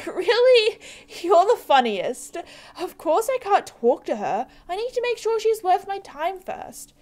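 A bossy clique-leader teen girl from a horse-riding video game, scornful and quick to give orders, voiced by a woman reading her lines. The high voice swoops as she dismisses others. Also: darkish tone. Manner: dismissive and commanding. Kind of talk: reading game dialogue aloud.

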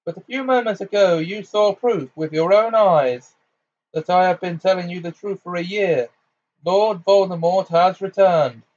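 A man voicing a commanding elderly wizard with measured, weighty speech. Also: medium pitch, darkish tone, dull audio, natural voice. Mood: thunderous. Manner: measured, then thunderous. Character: commanding elderly male wizard, calm authority.

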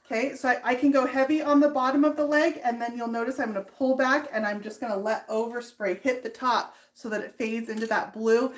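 A woman's voice: a little high, steady tone, fairly quick, hardly any pauses. A woman hosting a live furniture painting demonstration in her workshop, explaining each step in a chatty way and laughing easily. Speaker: furniture painter and tutorial host.

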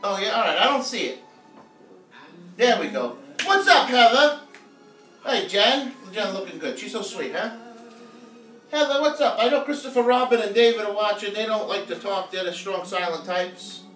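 A man's voice: sits high, animated, normal speed, fairly bright tone. A man hosting a live home cooking stream, chatting playfully and joking with viewers as he cooks. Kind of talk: casual live cooking chat. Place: home kitchen. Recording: echoey room, mic at a distance, music playing faintly.

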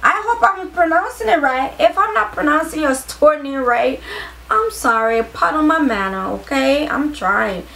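A tired woman vlogger chatting casually to her viewers during a clothing haul, excitable, with her voice starting to crack. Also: high-pitched, unhurried, vocal fry, poor audio. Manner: excitable, talks straight to viewers.

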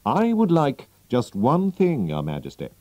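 A man reading aloud, voicing a confident male detective who explains briskly. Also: mid-range voice, wildly swooping pitch, a little mellow, no room sound, voice pushed up. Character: sharp, confident male detective, middle-aged.

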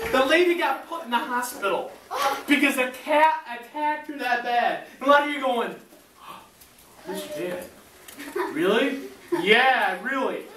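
A woman telling a story to children in church, animated and asking them questions. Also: high voice, noisy background. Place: large church hall. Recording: echoey hall, recorded from far off.

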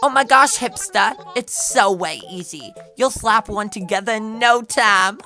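A woman's voice: unhurried, soft background music. A woman doing a squealing peppy cartoon hippo girl. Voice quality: high, squealing, loud. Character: peppy female hippo villager, bubbly and upbeat.

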